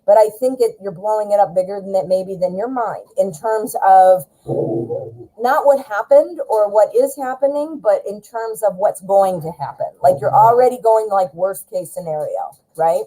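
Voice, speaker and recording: A woman reads tarot cards on a live stream in a loose, chatty way. She speaks straight to the viewer and reassures them. Her voice is mellow and warm. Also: mid-range voice, moderate pace, low-quality recording. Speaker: tarot reader.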